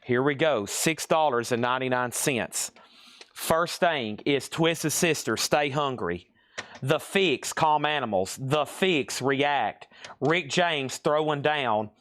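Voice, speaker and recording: Brisk man calling out record sale prices. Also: mid-range voice, lively intonation, fairly bright tone, no echo. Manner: brisk, listing items and prices, checking with "okay?". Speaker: live sale host. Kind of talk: live-stream record sale, reading claims and prices.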